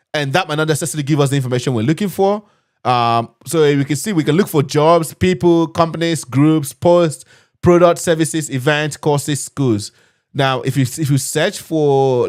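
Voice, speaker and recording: A man hosting a live screen-share tutorial on cybersecurity, chatty and upbeat, talking straight to his viewers. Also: medium pitch. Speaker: cybersecurity instructor hosting a live learning session.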